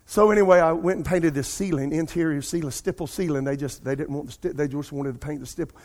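A middle-aged man, a pastor preaching a sermon and telling a personal story in an animated way. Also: on the high side, fast talker. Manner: animated storytelling, addresses congregation as "y'all".

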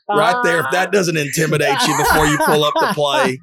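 A man, hosting a casual chat and telling lively coaching stories, shouting out quoted lines. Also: high-pitched, brisk, few pauses, over a noisy crowd.

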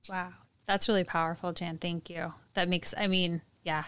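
An American woman co-hosting a podcast, replying to her guest in a supportive, quick, conversational way. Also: fairly low pitch, level tone, a bit bright, clear, resonant tone, no echo. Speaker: podcast co-host. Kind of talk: casual interview chat.

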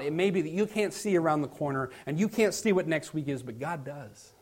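A male pastor preaching a sermon, swinging between loud emphatic passages and hushed near-whispers, and reading scripture in a slow, declaiming cadence. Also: on the high side, lively intonation.

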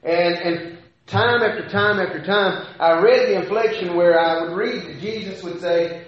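A man's voice: high-pitched, normal speed. A man preaching a sermon, talking conversationally with rhetorical questions and frequent restarts. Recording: echoey hall, dull lo-fi sound.

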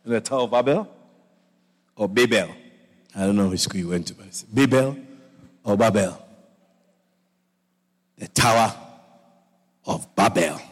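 A man preaching a sermon as a pastor. He talks in a playful, animated way and often repeats words and adds asides. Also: fairly low pitch, brisk, long pauses, in a large hall.

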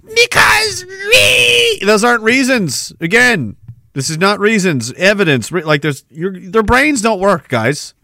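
A young adult man hosting a casual livestream, blunt and combative, and he swears freely. His voice sits a little high for a man. The sound is close and dry, with no room around it. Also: very animated, normal speed, pushed and bright, dry recording. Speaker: podcast host reading chat.

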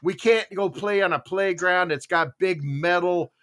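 Bright-voiced animated middle-aged man. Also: sits high, measured pace. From Tucson, Arizona. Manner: animated storyteller, acts out quoted voices. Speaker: podcast host. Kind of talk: casual chat.

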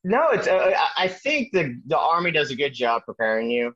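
A man recounts his army days in a loose, animated way, stumbling and restarting as he goes. The recording sounds muffled and lo-fi. The room adds almost no echo. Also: fairly high pitch, moderate pace. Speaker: army veteran guest. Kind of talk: casual storytelling interview. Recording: dry, dull lo-fi sound.

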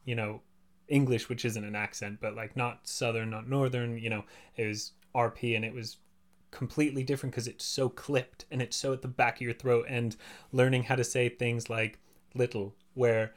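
A man's voice: mid-range voice, normal speed. Chatty Californian man with American accent. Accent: General American. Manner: animated, chatty, many "you know" fillers. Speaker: actor and voiceover artist. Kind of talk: casual podcast chat.

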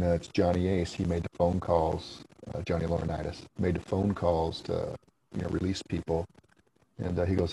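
Gravelly low-voiced man telling stories. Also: warm tone, slight background noise, rough recording. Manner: rambling, laughs often, swears. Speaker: guest, former wrestler. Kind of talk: casual interview storytelling.

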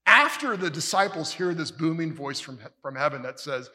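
A male pastor preaching a sermon emphatically, building to forceful peaks and dropping to hushed line endings. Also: fairly high pitch, animated, normal speed, hardly any pauses. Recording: long reverb of a large hall.

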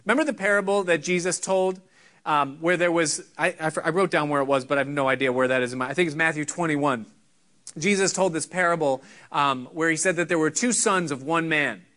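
A middle-aged man preaching a sermon, earnest and conversational, teaching with pauses. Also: fairly high pitch, fairly bright tone. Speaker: pastor.

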